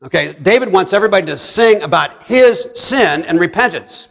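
A man preaching a sermon, swinging between hushed storytelling and emphatic, rising delivery. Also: sits high, animated, normal speed, creaky, hardly any pauses, muffled recording.

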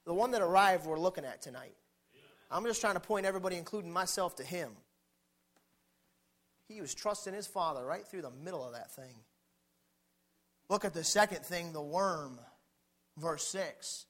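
A man preaching a sermon with fervor, putting questions to his listeners and swinging between hushed, low passages and shouted ones. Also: lively intonation, moderate pace, long pauses.

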